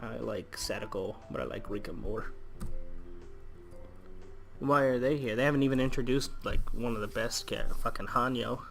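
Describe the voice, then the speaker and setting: A man's voice: medium pitch, normal speed, vocal fry, long pauses, faint music behind. A man reading a visual novel's text aloud and breaking off into crude jokes about it. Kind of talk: casual let's play narration with jokey asides.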